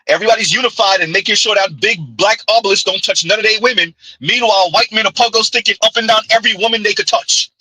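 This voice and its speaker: A man's voice: high voice, sharp tone, slightly rough, no room sound, rough recording. A man, hosting a sarcastic, heated commentary rant. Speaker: commentary channel host.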